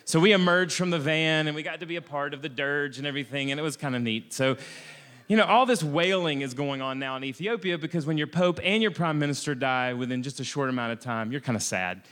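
An American man telling a self-mocking travel anecdote in a lively way, often restarting his sentences. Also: on the high side, fast talker, long reverb tail. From United States. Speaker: storyteller. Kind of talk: comic personal travel anecdote.

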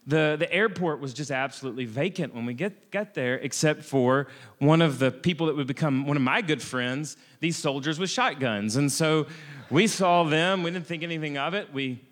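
An American man telling a self-mocking travel anecdote in a lively way, often restarting his sentences. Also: fairly high pitch, moderate pace, big-room sound. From United States. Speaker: storyteller. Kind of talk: comic personal travel anecdote.

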